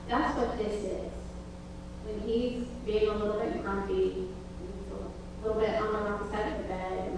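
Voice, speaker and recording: A woman's voice: medium pitch, gravelly. A woman giving a casual talk alongside a sermon, chatty and anecdotal, with fillers. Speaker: pastor's wife, co-speaker. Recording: echoey hall, distant mic, humming noise.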